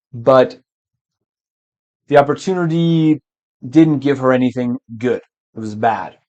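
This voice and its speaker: A man teaching English verbs patiently, often switching to Spanish to explain and clearing his throat now and then. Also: mid-range voice, a little mellow. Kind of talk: language lesson.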